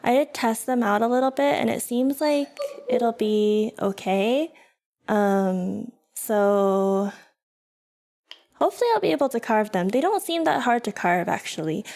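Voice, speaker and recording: A woman's voice: on the high side, lively intonation, measured pace, a little mellow. A young woman streaming, chatting casually and giggling as she talks to her viewers and her dogs. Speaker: vtuber streamer. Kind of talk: casual livestream chat.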